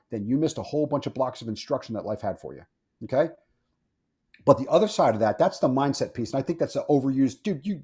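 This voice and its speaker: Blunt opinionated guy on a podcast, husky mellow voice, swears a lot, keeps repeating himself. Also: medium pitch. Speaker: firearms instructor, guest. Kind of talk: casual podcast interview.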